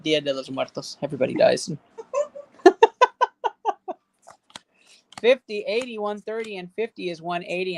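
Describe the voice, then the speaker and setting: A woman hosting a live stream, casually chatting with viewers and rattling off running number totals as she opens packs. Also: lowish voice. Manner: rattles off running card value totals aloud; cheers and banters with chat viewers. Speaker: livestream host opening card packs.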